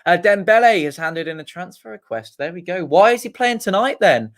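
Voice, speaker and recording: Chatty livestream host with a higher voice, greeting viewers and reading out comments. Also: male voice, lively intonation, fairly quick. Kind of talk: casual fan watch-along chat.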